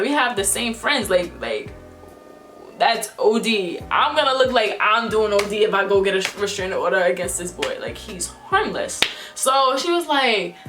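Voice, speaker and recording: A young woman vlogger telling a storytime in casual slang, acting out the people she quotes. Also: medium pitch. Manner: animated, slangy, acts out quotes in different voices. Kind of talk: storytime vlog.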